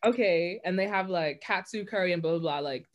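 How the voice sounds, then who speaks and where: Young woman, Bahamian accent, fairly low voice, slangy, playful chat. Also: muffled recording. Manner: slangy, playful, drawn-out asides. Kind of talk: casual chat.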